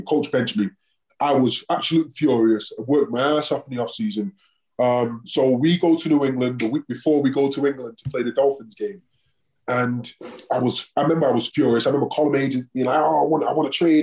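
A man's voice: mid-range voice, darkish tone. A man, a former football player and podcast guest, telling a story in casual chat and acting out the exchanges he quotes.

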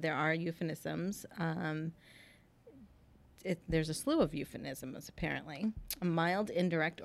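A woman's voice: sits low, fairly bright tone. A chatty woman from Long Island, New York, who laughs easily in casual conversation. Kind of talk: casual chat.

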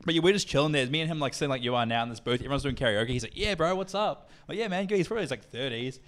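A young Australian man co-hosts a podcast, telling a profane, animated story at a racing pace and acting out the voices of the people in it. His voice sits at medium pitch.

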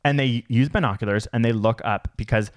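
A man's voice: medium pitch, a little fast, no room sound, studio quality. A man co-hosting a podcast in casual chat, playful and jokey with sassy asides. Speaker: podcast co-host.

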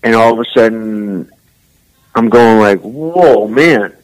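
An older man from San Francisco, a musician guest, telling rambling, animated stories full of "man" and "you know.". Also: on the low side, slow pace, no echo, low-quality recording. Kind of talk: casual storytelling interview.

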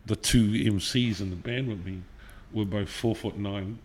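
A man's voice: on the low side, fairly even intonation, unhurried. A middle-aged man with a New Zealand accent, a guest telling stories in a casual interview, swearing freely and laughing often. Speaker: podcast guest, musician.

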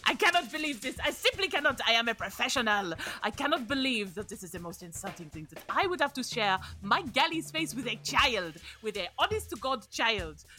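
A woman's voice: fairly high pitch, very animated, brisk, few pauses, sharp tone, soft background music, voice pushed up. A woman voicing an indignant, pompous male lobster cook who rants at everyone. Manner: pompous, outraged.

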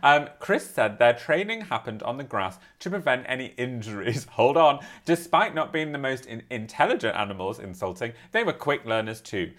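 A man's voice: mid-range voice, normal speed, hardly any pauses. A man co-hosting a casual podcast, reading a quirky news story aloud and breaking off to joke and laugh as he goes. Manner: animated, laughs while reading, breaks off to comment. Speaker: podcast co-host.

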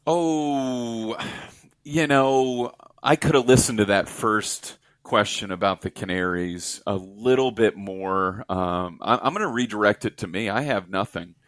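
Male improv comic guest, lowish voice, relaxed and playful, close dry mic. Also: measured pace, no echo. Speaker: guest comedian. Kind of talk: casual comedic interview.

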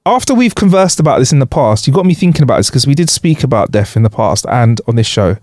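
Animated podcast co-host. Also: male voice, medium pitch, quick pace, dry recording, clean studio sound. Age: young adult. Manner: animated, swears, laughs a lot. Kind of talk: casual chat.

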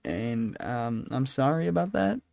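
A man's voice: mid-range voice, sing-song, unhurried, creaky, a little mellow, no echo, studio quality. A tired young man hosting a solo podcast, rambling and apologizing, talking into a handheld mic at his desk at home. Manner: rambling, self-deprecating, apologetic. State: tired, yawning. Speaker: podcast host. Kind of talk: solo casual podcast chat. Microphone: handheld microphone.

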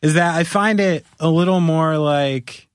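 A man's voice: a little high, a little slow, smooth, no room sound, clean studio sound. Joking, rambling male podcast host. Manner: joking, rambling, laughs often. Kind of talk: casual chat.

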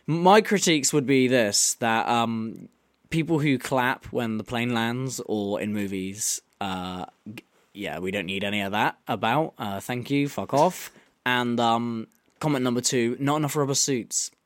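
A man's voice: medium pitch, a little slow, no room sound. A man co-hosting a casual podcast with a mid-range voice. He jokes around in a mock-critical way, recorded in a dry, close setting. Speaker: podcast co-host.

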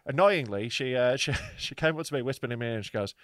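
A man, a comedian co-hosting a podcast, telling a story in a casual, animated, sweary way with frequent laughs. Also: medium pitch, quick pace, no echo, clean studio sound.

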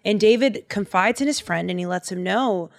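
A woman co-hosting a casual podcast, retelling a Bible story in slangy everyday speech. She is animated and acts out the characters' lines as she talks. Her voice sits at a middle pitch. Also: normal speed. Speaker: podcast co-host.

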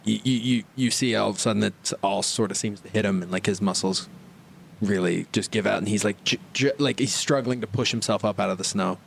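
A man playing a tabletop game, describing his character in halting, stammering bursts. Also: lowish voice, vocal fry, slight background noise. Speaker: player. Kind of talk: tabletop role-play.

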